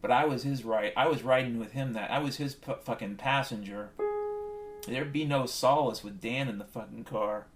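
A man's voice: mid-range voice, normal speed. A man hosting a show, rambling through a profane, conspiratorial comic monologue. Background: piano music.

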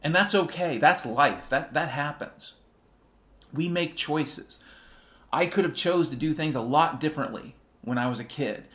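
A man's voice: a little high, unhurried, a bit bright. A man in his fifties hosting a rambling solo monologue, irreverent and profane, sometimes drifting into half-sung refrains. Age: 50s. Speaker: show host.

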